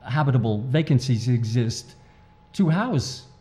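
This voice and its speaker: A man's voice: mid-range voice, lively intonation, measured pace, warm tone. A man appearing as an author and activist guest, talking earnestly and emphatically and repeating his main points. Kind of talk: interview talk.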